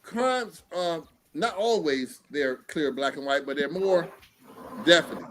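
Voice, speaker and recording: A man hosting a casual streamed talk show, speaking in an animated, profane way and acting out quotes. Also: on the high side, a little slow, a little hiss or hum. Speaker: podcast host.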